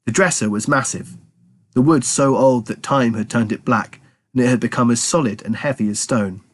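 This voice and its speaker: A man reading a children's story aloud in a lively, expressive way. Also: medium pitch, normal speed.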